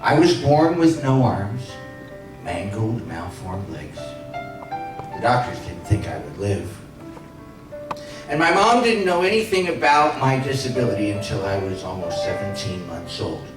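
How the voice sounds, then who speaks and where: Heard from afar in an echoey hall, over background music, an inspirational speaker in his sixties tells a personal story laced with comic punchlines. He speaks in a lowish voice, very animated yet unhurried.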